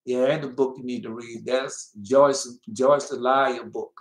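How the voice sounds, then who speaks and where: A man preaching a fiery Bible-study sermon, swinging between loud emphatic bursts and soft mocking asides, and reading scripture slowly. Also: mid-range voice, fairly even intonation, reverberant. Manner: slow, drawn-out scripture reading.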